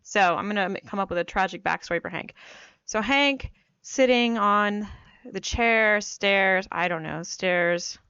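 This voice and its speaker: A woman explains a writing method in a relaxed, rambling tutorial, filling her talk with "like" and "um" and joking about herself. She is getting over a cold, yet her voice stays smooth and clear. The recording is dry and a little dull in the highs, as from a new home microphone. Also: no echo. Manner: chatty, self-deprecating, many fillers. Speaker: writing coach. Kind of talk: casual screen-share tutorial.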